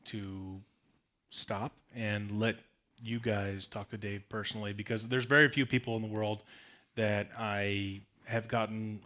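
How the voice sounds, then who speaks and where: A man's voice: lowish voice, fairly bright tone. A man hosting a speaker event, giving earnest, heartfelt closing thanks. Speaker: event host.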